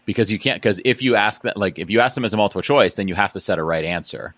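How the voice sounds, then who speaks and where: A man's voice: lowish voice, fast talker, a bit bright, no room sound. A man hosting an education podcast interview, chatting casually with plenty of fillers and restarts. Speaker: podcast host.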